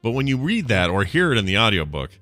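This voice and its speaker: A man's voice: big pitch swings, fast talker, pushed and bright, dry recording, faint music behind. A man co-hosting a podcast, chatting casually and jokingly, sometimes slipping into silly voices. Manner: jokey, breaks into silly high put-on voices. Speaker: podcast co-host. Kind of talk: casual comedic chat.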